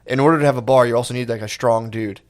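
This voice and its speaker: A man's voice: medium pitch, steady tone, racing, smooth. A man in his thirties co-hosting a podcast, riffing in swearing banter and laughing easily. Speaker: podcast co-host. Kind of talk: casual chat.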